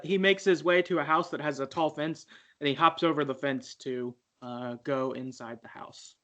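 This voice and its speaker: A man retelling a story game to his co-host in a loose, chatty way. His voice sits slightly above the usual male pitch, and his sentences keep restarting and trailing off. He laughs easily as he talks. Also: steady tone, moderate pace, sharp tone. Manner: rambling, many fillers and restarts, laughs easily. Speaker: podcast co-host. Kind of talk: casual game recap chat.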